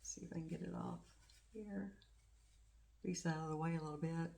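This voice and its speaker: A woman's voice: deep voice, fairly even intonation, moderate pace, creaky, warm tone. A middle-aged woman hosting a craft channel, chatting casually and rambling as she gushes over her stitching projects. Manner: chatty and rambling, gushing over small things. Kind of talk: casual show-and-tell chat.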